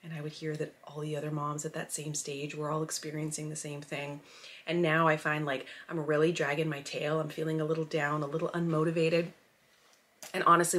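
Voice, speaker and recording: A woman, a mom vlogging at home in easy casual chat that is full of "like". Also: deep voice. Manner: chatty, peppered with "like".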